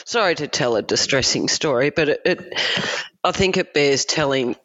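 A middle-aged Australian woman speaks candidly and conversationally, her voice sitting low and her phrases loosely strung together with "you know". The room sound is dry, and the recording is a little dull and muffled. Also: animated, moderate pace, fairly bright tone, no echo. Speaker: family lawyer guest. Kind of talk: casual chat.

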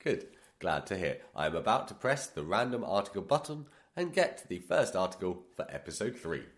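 A man's voice: low voice, big pitch swings, moderate pace. A man co-hosting a podcast, chatting casually in a playful, jokey way. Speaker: podcast co-host.

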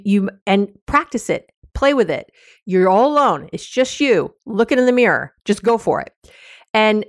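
A woman's voice: mid-range voice, no room sound, clean studio sound. A woman hosting a solo advice podcast, talking frankly and casually, with many fillers and restarts. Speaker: podcast host giving sex advice.

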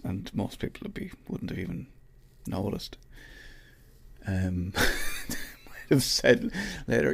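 A man's voice: low voice, measured pace, gravelly, slightly rough, no echo. An Irish man hosting a podcast, chatting casually and rambling, mocking himself as he goes. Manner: rambling and self-mocking, with many restarts. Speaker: podcast host. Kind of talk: casual solo chat.

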